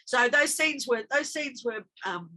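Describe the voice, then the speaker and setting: A woman with a bright, clear voice talks with a guest's energy in a casual interview. She tells her stories animatedly and slips into the dialogue she is remembering. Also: sits high, lively intonation, measured pace. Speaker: actress guest.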